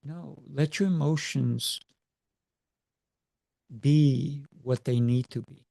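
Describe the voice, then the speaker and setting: A man's voice: medium pitch, takes it slowly, gravelly, warm tone, no room sound. A man who is a martial arts coach, chatting in an interview over a video call and driving his points home with emphatic rhetorical questions. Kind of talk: casual interview chat.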